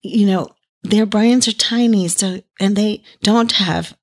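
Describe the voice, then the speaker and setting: Woman teacher in casual chat, mid pitch, keeps nodding along. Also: slow. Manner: agreeable, affirming listener. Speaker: toddler class teacher. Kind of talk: casual conversation.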